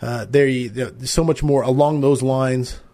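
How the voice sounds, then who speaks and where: A man's voice: mid-range voice, fairly even intonation, unhurried, mellow. A man hosting a live-stream interview podcast, enthusiastic and chatty as he reads out viewer comments. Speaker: podcast host.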